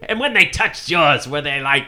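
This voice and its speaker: A man's voice: fairly high pitch, expressive, normal speed, pushed and bright, slight background noise. A man putting on a lecherous, blustering old man's voice as a manic comedy impression. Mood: leering. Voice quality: manic, leering ranting delivery.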